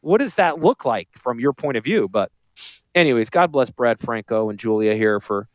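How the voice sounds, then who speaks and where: A man's voice: mid-range voice, lively intonation, moderate pace, no room sound. A man with a Northern US accent hosting a casual radio talk show as a financial planner, rambling, salesy and joking.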